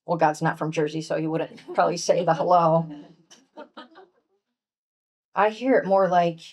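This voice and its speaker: A woman speaker teaching from scripture to a women's retreat, earnest and gentle, dropping to a soft hush on key points. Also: fairly low pitch, fairly even intonation, measured pace, pauses often, husky. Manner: reads scripture aloud and acts out voices. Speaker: workshop speaker at a pastors' wives' retreat.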